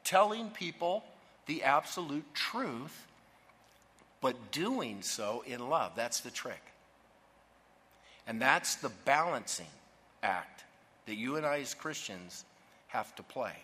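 A man preaching a sermon in a forceful, bright voice that rings through a large hall with a long reverb. He drives his points home with emphasis and keeps asking the congregation to finish his phrases. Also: medium pitch, very animated, takes it slowly, long pauses, breathy edge. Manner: emphatic, asks the congregation to fill in words.

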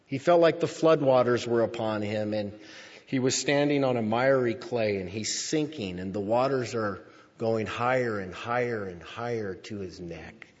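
A man preaching a sermon, reading scripture aloud and explaining it in a slow, deliberate way, stretching out key words for emphasis. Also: fairly low pitch. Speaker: pastor. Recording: dull sound with long hall reverb.

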